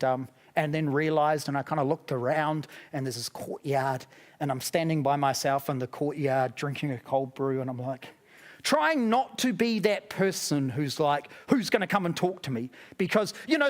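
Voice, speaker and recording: New Zealand male pastor, high light voice, chatty sermon storyteller with self-mocking humor. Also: a bit bright. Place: church auditorium.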